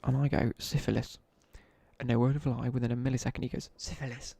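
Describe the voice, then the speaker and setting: A man's voice: medium pitch, flat delivery, rapid-fire, gravelly, dark tone, dry recording. A young man with a British accent telling laddish school stories in casual live-stream chat while gaming. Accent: British English. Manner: chatty, laddish anecdotes with slang, asides while gaming.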